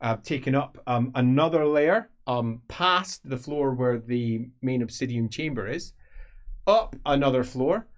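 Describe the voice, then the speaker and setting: A man's voice: medium pitch, unhurried, few pauses. Rambling male game master. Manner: rambling, filler-heavy description. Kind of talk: narrating an improvised tabletop game.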